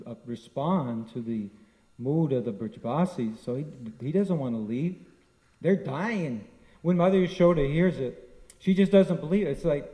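Guy giving a devotional talk, telling the stories lively, warm mellow voice. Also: mid-range voice, rough recording. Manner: storytelling, lively, frequent restarts. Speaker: spiritual teacher.

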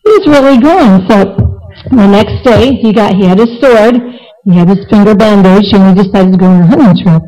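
A woman giving a devotional class, chatty and animated, telling a folk tale with lots of fillers. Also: medium pitch, a little fast, faint music behind, low-quality recording. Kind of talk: storytelling talk to a devotional group.

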